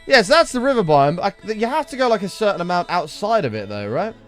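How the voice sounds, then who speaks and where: A man's voice: high voice, sing-song, quick pace, fairly bright tone. A man streaming a game, muttering asides, thanking viewers and reacting casually to a tutorial video. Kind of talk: casual live-stream commentary. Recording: faint background music.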